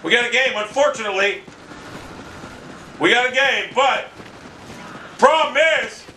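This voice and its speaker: Man raging and shouting over gunfire. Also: very high-pitched, normal speed, slight background noise. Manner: ranting, swearing, yelling in frustration. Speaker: gamer commentating his own match. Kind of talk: live gameplay commentary. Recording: roomy, distant mic with loud game gunfire.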